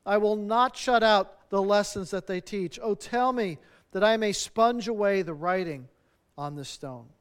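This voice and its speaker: A preacher reading aloud the lines of a remorseful old miser who pleads loudly with a spirit. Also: male voice, sits high, measured pace, smooth. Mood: desperate pleading. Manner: loud, pleading, read aloud from a book.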